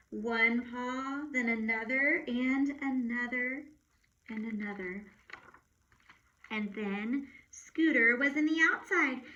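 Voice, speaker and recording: Expressive woman teacher reading a storybook. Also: fairly high pitch. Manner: expressive, playful sound effects and asides to children. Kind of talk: reading a storybook aloud to children. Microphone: phone or camera. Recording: muffled with steady background noise.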